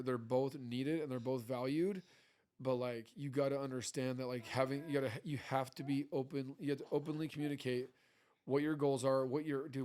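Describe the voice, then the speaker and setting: A man's voice: medium pitch, darkish tone. A man in his thirties co-hosting a podcast with his wife, talking in a loose, rambling way and acting out quoted exchanges. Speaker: podcast co-host. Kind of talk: casual chat.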